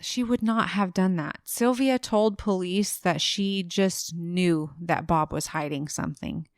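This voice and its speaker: Slow-talking woman telling a true-crime story. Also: fairly low pitch, no echo, clean studio sound. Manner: relaxed storyteller, laughs easily, acts out quotes briefly. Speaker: podcast co-host narrating the case.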